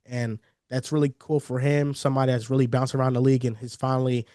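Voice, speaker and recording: Measured man, sports podcast co-host. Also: mid-range voice, little pitch movement, mellow, dry recording, studio quality. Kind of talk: casual sports podcast chat.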